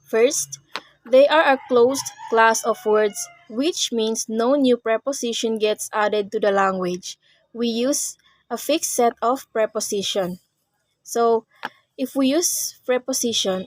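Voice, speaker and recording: Young woman, student report, fairly high voice, dry close sound. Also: no echo. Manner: reads explanations in short phrases, with small restarts. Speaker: student presenter. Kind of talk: class report on grammar.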